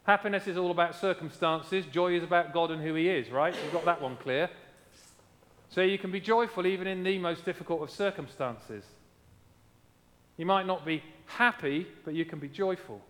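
A man's voice: fairly high pitch, normal speed, fairly bright tone, big-room sound. A man preaching a sermon as pastor, emphatic, repeating key lines and asking his congregation how they are doing.

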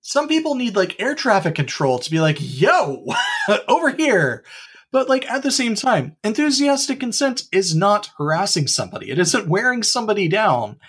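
Animated male co-host, swooping higher voice, blunt. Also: a little fast, hardly any pauses, husky. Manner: animated, blunt, jokey emphasis. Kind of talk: casual discussion.

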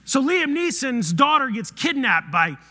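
Man, pastor, sermon, high bright voice, animated, loud to hushed, long hall reverb. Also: unhurried.

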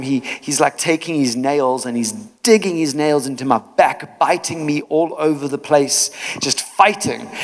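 A man preaching a sermon in a church, telling stories in an animated way with many asides. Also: on the high side. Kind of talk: storytelling sermon. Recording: long hall reverb.

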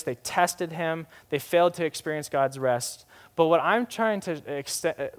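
Young pastor guy preaching, kinda high voice, goes loud then drops way soft and slow. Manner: swings from emphatic to hushed, slows for key phrases. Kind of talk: sermon.

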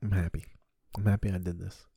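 Guy doing a solo comedy podcast, low mellow voice, dry room, swearing a lot. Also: flat delivery, a little fast, creaky, breathy edge, no echo. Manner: profane, rambling, self-deprecating. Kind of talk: solo comedic confessional talk.

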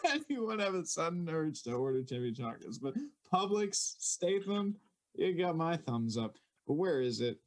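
A man's voice: fairly high pitch, very animated, moderate pace. A young man co-hosting a podcast, joking crudely and swearing in casual banter. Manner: joking, swearing, laughing often. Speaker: podcast co-host.

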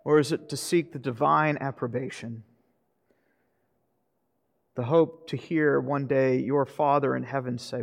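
A man's voice: medium pitch, measured pace, vocal fry, darkish tone. A pastor preaching a sermon earnestly, asking his listeners rhetorical questions. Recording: long reverb of a hall.

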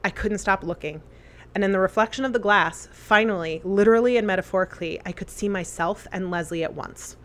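A woman earnestly reading a memorial letter aloud, with deliberate phrasing. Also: medium pitch.

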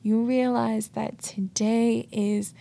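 On her reflective solo podcast, an American host in New York City tells earnest, casual stories heavy with "like" and "you know." She speaks slowly in a mellow, somewhat high voice with vocal fry and little pitch movement.

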